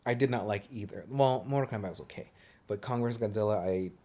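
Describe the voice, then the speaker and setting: A man's voice: on the low side, fast, warm tone. A young man co-hosting a movie podcast, rambling and swearing casually as he trails off and restarts his sentences. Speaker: podcast co-host.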